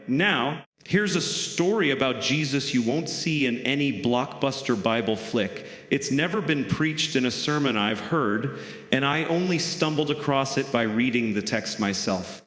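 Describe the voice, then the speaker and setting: A man's voice: mid-range voice, animated, unhurried, fairly bright tone. A man performing stand-up comedy in a wry, conversational storytelling manner, recorded on a theater stage with roomy hall reverb.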